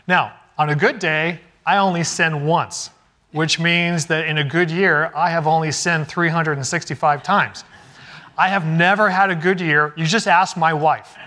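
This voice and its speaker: Brief: middle-aged male preacher, slightly higher voice, storytelling sermon delivery with acted-out quotes. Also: steady tone, measured pace, bright, forceful tone. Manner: storytelling, acts out quoted dialogue. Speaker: pastor.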